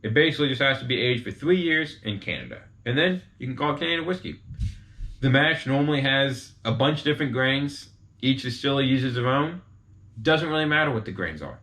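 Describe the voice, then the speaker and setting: A man's voice: medium pitch, animated, a little fast, bright, forceful tone. Chatty man explaining casually. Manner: chatty, informal, talks straight to viewers with asides. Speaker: host explaining whiskey types.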